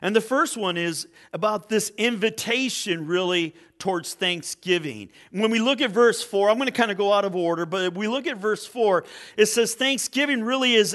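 A man's voice: sits high, a bit bright. A male pastor preaching a sermon in church, telling a joke story and reading scripture, with small stumbles and restarts.

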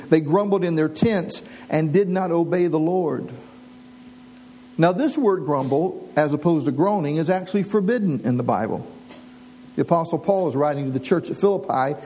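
A man preaching a sermon as pastor, earnest and slowing down to read scripture aloud. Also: high-pitched, warm tone, a little hiss or hum, rough recording.

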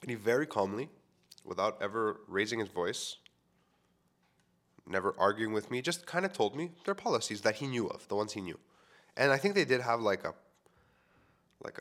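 A man's voice: fairly low pitch, a bit bright. A man in his thirties from Quebec, a podcast host telling a personal story in a casual, rambling way full of fillers.

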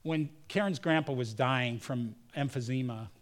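A man's voice: mid-range voice, normal speed. A man preaching a sermon as pastor, telling personal stories and acting out the voices of the people in them. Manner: storytelling, acts out quoted voices. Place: church.

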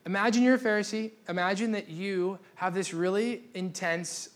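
Casual joking male preacher, slightly high. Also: fairly even intonation, normal speed. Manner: casual, joking, restarts often. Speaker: pastor. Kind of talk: sermon. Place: church gathering.

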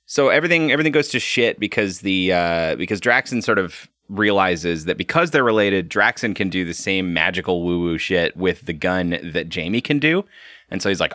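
A man's voice: sits low, lively intonation, normal speed, pushed and bright, no room sound, studio quality. A man co-hosting a podcast, chatting casually and laughing as he acts out lines and swears freely. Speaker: podcast co-host. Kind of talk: casual chat recapping a show.

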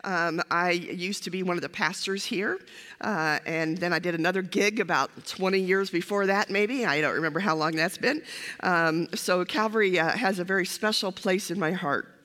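A woman's voice: on the low side, normal speed, fairly bright tone. An older woman, a former pastor, giving a humorous sermon, chatty and self-deprecating with many fillers. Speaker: guest preacher, former pastor. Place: church sanctuary. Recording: church hall reverb.

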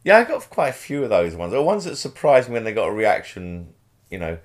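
A man's voice: on the low side, wildly swooping pitch, a little fast. A man, a comedian, chatting easily and agreeing often. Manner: easygoing, agreeable, lots of "yeah". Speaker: stand-up comedian. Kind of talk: casual chat between comedians.

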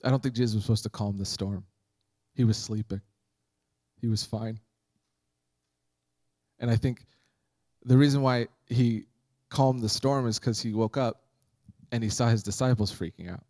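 A man's voice: mid-range voice, moderate pace, pauses often, mellow, no echo. A man preaching a sermon as pastor, conversational and humorous, acting out Bible scenes.

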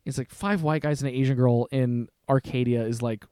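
A young man telling a story as a podcast guest, animated and acting out the lines of other people. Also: medium pitch, fairly quick, few pauses, smooth, dry recording, studio quality. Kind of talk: casual storytelling.

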